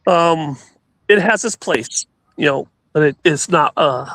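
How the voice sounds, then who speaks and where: A man's voice: on the high side, unhurried, a bit bright, no room sound. A man telling stories in casual chat on a show, rambling with many restarts and laughs.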